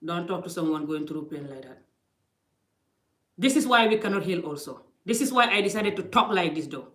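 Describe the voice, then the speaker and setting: Talking into her phone, a middle-aged woman gives casual, emphatic life advice, playing out quoted back-and-forths. Her lowish, fairly bright voice is animated and moves at a moderate pace, with a roomy echo around it.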